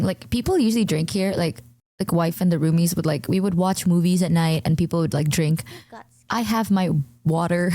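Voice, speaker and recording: A young woman streamer chats casually and rambles through an animated story, her pitch leaping high in the punchlines. Her voice is mellow and dark in tone, recorded dry and close. English is not her first language. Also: dry recording. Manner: rambling, animated, full of fillers, jumps high when telling stories.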